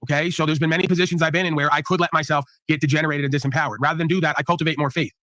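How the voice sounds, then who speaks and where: A man lecturing a panel in a preachy, forceful way, laced with swearing. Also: on the high side, fairly even intonation, very fast, no room sound. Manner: forceful, sermonizing, profane. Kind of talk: preachy commentary.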